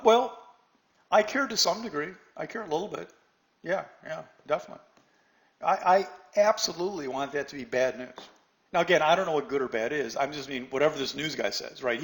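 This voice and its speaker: A middle-aged man teaching a live trading lesson, talking lively and putting questions to his audience. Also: on the high side. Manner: animated, asks the audience questions, acts out a news anchor. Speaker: trading instructor.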